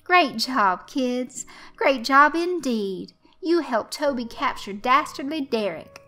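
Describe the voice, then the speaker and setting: A woman voicing a showy male host of a children's stage show, coaxing and shouting to the kids. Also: mid-range voice, measured pace. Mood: hammy. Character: loud jovial male kids' show host.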